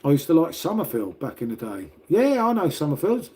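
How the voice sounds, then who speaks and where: An older English man rambles to his livestream viewers in a mellow, dark-toned voice. He swears freely and tags "mate" onto nearly every remark. The talk stays loose and conversational. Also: fairly high pitch, sing-song, brisk. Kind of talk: casual livestream chat with viewers. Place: at home, making coffee.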